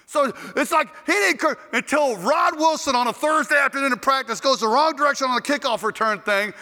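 Fairly quickly and with plenty of jokes, a male preacher tells stories in his sermon, playing each character with animation. His voice is high and bright, and the audio carries a long hall echo.

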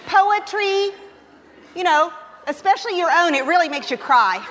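Woman speaker, high voice, humorous testimony sermon, self-mocking storyteller, big hall reverb. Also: expressive, moderate pace, fairly bright tone, slight background noise. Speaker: speaker at a Christian women's gathering. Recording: long reverb of a large hall.

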